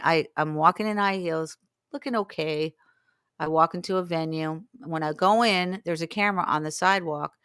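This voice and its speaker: A woman in her sixties with a low, smooth voice tells her story as an interview guest. She slips into the voices of the people she quotes. The sound is dry and close. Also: no room sound. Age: 60s. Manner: animated, acts out quoted dialogue. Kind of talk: storytelling in conversation.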